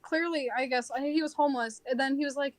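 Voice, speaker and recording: A young woman co-hosting a podcast in casual chat, telling work stories in an animated way and acting out the people in them. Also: sits high, quick pace, no room sound. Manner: animated storytelling, acts out quoted people. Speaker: podcast co-host.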